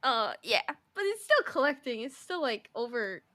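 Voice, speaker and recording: A woman's voice: a little high, big pitch swings, moderate pace, pushed and bright, no echo. A woman co-hosting a podcast in casual chat, playful and giggly, teasing her co-host. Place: podcast studio.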